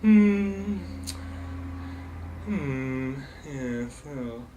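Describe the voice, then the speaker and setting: A man voicing a slow, hard-of-hearing male shop customer who dithers and mumbles. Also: medium pitch, expressive, dark tone, muffled recording, a little hiss or hum. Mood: dithering.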